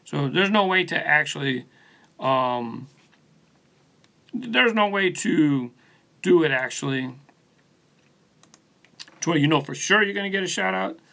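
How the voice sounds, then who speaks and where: A man with a gravelly, bright voice that sits a little high, hosting a relaxed live stream from his studio. He rambles easily through viewer comments, calling people by name, picked up on a phone propped on a post. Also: unhurried, long pauses. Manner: laid-back, rambling, answers viewers by name. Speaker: channel host. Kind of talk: casual live stream chat reading comments.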